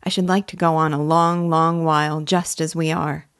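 A woman voicing a gentle, loving young village woman in a classic novel read aloud, speaking softly and earnestly. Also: low voice, level tone, normal speed, no echo, clean studio sound. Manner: soft, earnest and affectionate.

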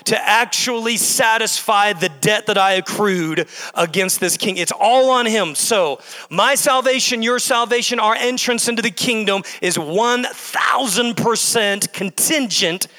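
Man preaching a sermon, high voice, emphatic repetition, long hall reverb. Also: measured pace, bright, forceful tone. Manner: emphatic and repetitive, building in bursts. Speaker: pastor. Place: church sanctuary.

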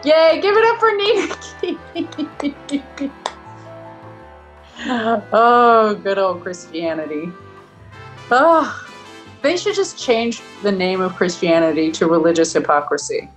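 A woman hosting a storytelling show, bantering with the audience in a slow, teasing way. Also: mid-range voice, very animated, faint music behind. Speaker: host.

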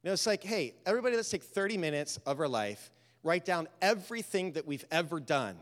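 A man with a fairly high voice preaches a sermon in a large reverberant hall. He moves from quiet storytelling to loud, animated exhortation. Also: fairly quick.

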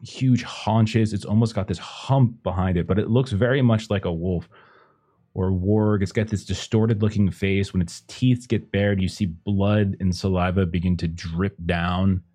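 A man's voice: low voice, fairly even intonation, unhurried, mellow. A man running a tabletop game as game master, narrating loosely with many fillers. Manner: hesitant, lots of kinda and uh.

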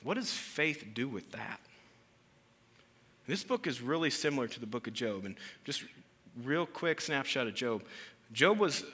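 Bright-voiced casual preacher, a man. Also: mid-range voice, big pitch swings, measured pace, pauses often, slightly rough. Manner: casual, joking, conversational preaching with questions to the congregation. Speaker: pastor. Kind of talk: sermon.

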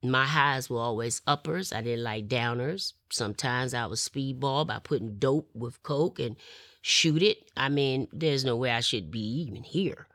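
A woman tells her personal testimony in an interview. Her voice sits low but rings bright and forceful, and she acts out the people in her story as she goes. The sound is dry and close, with no room around it. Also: a little slow, dry recording.

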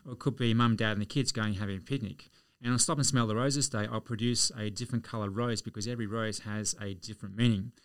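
A man's voice: lowish voice, fairly even intonation, quick pace, hardly any pauses, clear, resonant tone, dry recording. An Australian man, a podcast guest, telling anecdotes in a chatty way. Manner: chatty, anecdotal, chuckles through stories. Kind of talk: casual storytelling.

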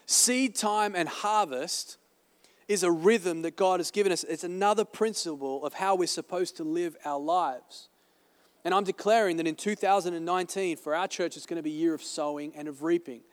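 A man preaching from the pulpit in a somewhat higher voice, emphatic and chatty by turns. His sermon rings through a church hall with a long reverb tail. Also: fairly quick. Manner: emphatic, conversational preaching with asides. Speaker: pastor. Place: church auditorium.

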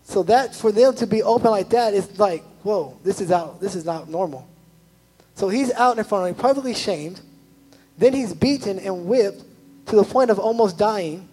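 A young male youth pastor preaches in a loose, conversational way, scattering "like" through his sentences. His voice sits high and has a husky edge. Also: moderate pace, low-quality recording. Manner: chatty, animated, full of "like" asides. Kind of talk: casual sermon.

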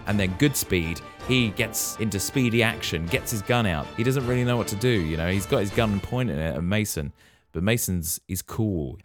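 A man co-hosting a podcast, telling a film's action scenes step by step in casual chat. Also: lowish voice. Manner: animated storyteller, recounts scenes step by step. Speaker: podcast co-host. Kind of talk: casual film recap chat.

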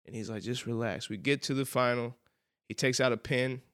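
A man with a Southern US accent hosts a casual podcast, spinning a college story. His voice is smooth and clear at an average pitch, and he laughs often as he talks. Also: brisk. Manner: animated storyteller, laughs often, says "bro". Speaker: podcast co-host.

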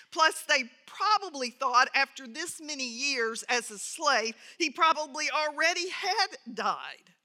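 A woman's voice: sits high, bright, forceful tone. A woman teaching a Bible lesson who tells an anecdote, reads scripture aloud and adds earnest commentary. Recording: reverberant hall.

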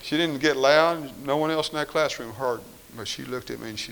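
A man preaching a sermon, reading scripture and moving between quiet firm statements and raised, pleading voices. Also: mid-range voice, fairly quick, creaky, low-quality recording.

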